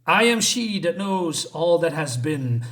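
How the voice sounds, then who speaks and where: A man reading aloud as an ancient, all-knowing female earth goddess, slow and grave. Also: on the high side, sing-song, fairly bright tone. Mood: solemn.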